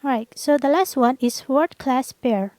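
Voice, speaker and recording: A young woman gives a student presentation in an unhurried, slightly higher voice. She repeats each example word to make it clear. The sound is dry and close. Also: a little mellow, dry recording, rough recording. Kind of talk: class presentation.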